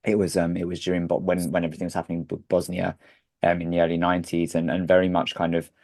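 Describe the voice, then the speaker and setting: A man's voice: sits low, monotone, quick pace, a little mellow. A man hosting a podcast, speaking in a reflective, thoughtful conversational way. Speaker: podcast host. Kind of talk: conversational interview.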